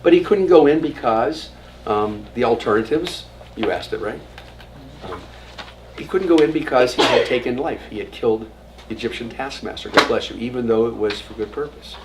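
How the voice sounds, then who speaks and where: A man's voice: medium pitch, moderate pace. A man teaching an adult class as rabbi, telling stories and jokes and acting out quotes, sometimes dropping to a whisper. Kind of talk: informal adult education lecture. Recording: distant mic with audible room noise.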